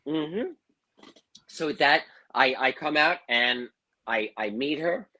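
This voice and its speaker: A middle-aged man, a firefighter and psychic, telling his story casually as an interview guest, animated and acting out quotes. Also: fairly high pitch, takes it slowly, low-quality recording. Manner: animated, acts out quotes, says "man" and "you know what I mean".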